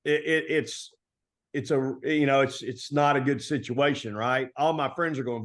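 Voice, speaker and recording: A middle-aged man from Texas, a basketball coach telling stories in a relaxed, folksy interview style full of colloquial turns. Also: mid-range voice, moderate pace. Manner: folksy, animated storytelling with Southern colloquialisms. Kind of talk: conversational storytelling interview.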